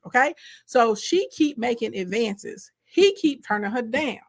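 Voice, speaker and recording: A woman giving a lively, slangy, humorous Bible retelling, calling her listeners girl and baby. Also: on the high side, unhurried. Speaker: Bible storyteller.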